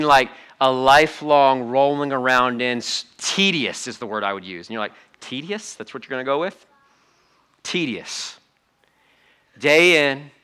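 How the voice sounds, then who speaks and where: A middle-aged pastor preaches a sermon in a church sanctuary, his bright, forceful voice pitched a little high with a clear, resonant tone. He addresses the room conversationally and with animation, slipping into quick acted-out asides.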